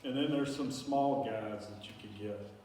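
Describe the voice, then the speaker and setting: Here a man with a lowish, darkish voice takes his time as he rambles about plants to a small group of locals. The talk is folksy and packed with fillers, and the far-off mic catches echo and a faint hiss.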